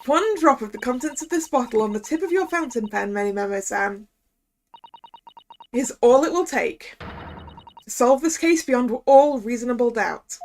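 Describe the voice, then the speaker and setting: A woman's voice: a little high, lively intonation, darkish tone, a little hiss or hum. A woman reading an earnest young defense attorney. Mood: determined. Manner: formal, measured courtroom speech.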